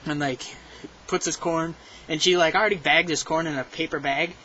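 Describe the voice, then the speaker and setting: A teenage boy telling a story in a casual, rambling way, with lots of "like" and "um" and animated quotes. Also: a little high, moderate pace, lo-fi sound, a little hiss or hum. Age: teens.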